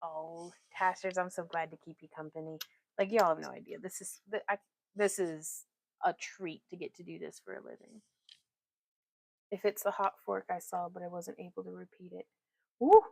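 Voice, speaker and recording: Giggly low-voiced woman with vocal fry. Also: fairly even intonation, moderate pace, a little mellow, no room sound. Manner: chatty, giggly, talks to chat viewers. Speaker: craft live-streamer demonstrating armor weaving. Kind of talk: casual live-stream chat and craft demonstration.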